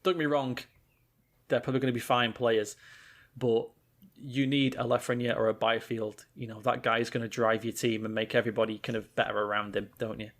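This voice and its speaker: British male podcast co-host, mid-pitched, casual, sweary, ranting. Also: little pitch movement, brisk, a bit bright. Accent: British English. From Britain. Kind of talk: casual chat.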